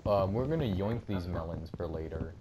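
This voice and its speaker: Young male gamer, very deep, relaxed and joking, noisy mic capture. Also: normal speed. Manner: laid-back, jokey, slangy. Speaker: host and player. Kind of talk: casual gaming chat.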